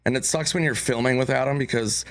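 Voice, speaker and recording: A man being interviewed in a talk show studio, a comedian telling lively stories and acting out the lines of people he quotes. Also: medium pitch, fast talker. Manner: animated storyteller, acts out quotes. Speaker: comedian guest. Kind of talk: casual interview chat.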